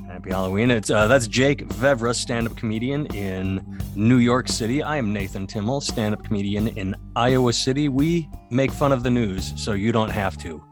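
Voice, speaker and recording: A man's voice: lowish voice, normal speed, over music. A man who is a stand-up comedian co-hosting a podcast, rambling and sardonic in casual comedic chat. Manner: rambling, sardonic, self-mocking.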